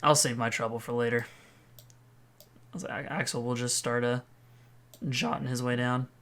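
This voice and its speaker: A man with a bright, forceful voice plays his character in a tabletop game. He talks in a loose, joking way and swears now and then. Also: mid-range voice, little pitch movement, normal speed, creaky. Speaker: player. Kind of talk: tabletop role-play chat.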